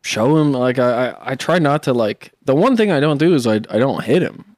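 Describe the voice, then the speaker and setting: A man's voice: medium pitch, lively intonation, fairly quick, a little mellow, dry recording. A young man in casual chat, rambling with lots of fillers and swearing as he talks about his son. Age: young adult.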